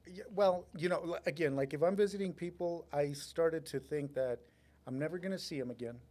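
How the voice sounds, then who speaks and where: A man who works as an insurance agent, a podcast guest speaking in a relaxed, halting, self-deprecating way. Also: a little high. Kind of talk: casual interview chat.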